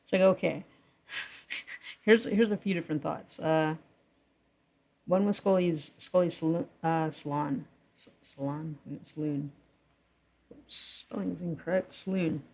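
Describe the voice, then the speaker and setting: Low-voiced rambling woman vlogger. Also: fairly even intonation, unhurried, creaky, pauses often. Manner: rambling, self-correcting, chuckles between thoughts. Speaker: writer explaining her own story. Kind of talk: casual vlog commentary reading from her draft.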